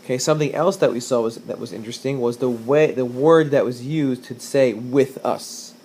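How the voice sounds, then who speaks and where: A man's voice: medium pitch, moderate pace, a little mellow, husky. A man teaching a recorded lesson, reading Hebrew verses and translating them line by line, with frequent fillers and self-corrections.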